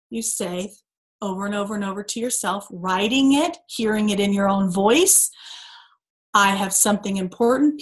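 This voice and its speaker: A woman in her thirties, medium-pitched, gives her sales team an earnest, preachy pep talk over a team call. She keeps firing off emphatic rhetorical questions.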